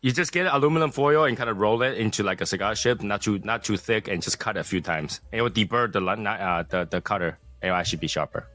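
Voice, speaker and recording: A man's voice: lowish voice, fast talker, few pauses, bright, forceful tone. A man co-hosting a casual podcast, explaining things patiently and teasing the others. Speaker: podcast co-host. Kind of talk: casual chat.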